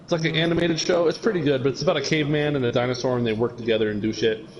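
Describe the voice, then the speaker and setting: A man's voice: medium pitch, racing, highs cut off, crowd noise. A man streaming live, chatting casually and telling rambling, profanity-laced stories. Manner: rambling, profane, animated storytelling. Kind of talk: casual chat.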